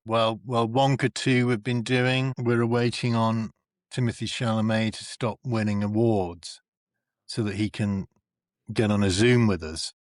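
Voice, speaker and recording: A man, a podcast guest, chatting casually and telling animated stories that act out other people's lines. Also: lowish voice, unhurried, no room sound, studio quality. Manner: animated storyteller, acts out quoted voices. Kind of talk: casual chat.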